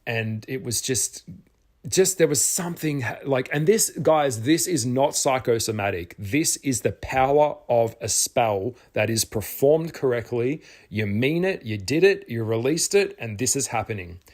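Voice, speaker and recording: A middle-aged man, telling a personal story in a casual vlog, animated, with some swearing. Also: medium pitch, a little slow. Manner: animated, swears, acts out his own past shouts. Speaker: spiritual vlogger.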